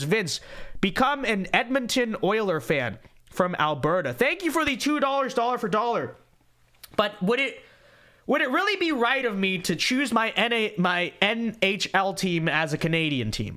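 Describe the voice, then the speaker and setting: A man's voice: high voice, big pitch swings, normal speed, sharp tone. Upbeat young man hosting a livestream. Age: young adult. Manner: joking, sarcastic, repeats catchphrases. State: fatigued. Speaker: podcast host. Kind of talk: casual livestream chat reading super chats.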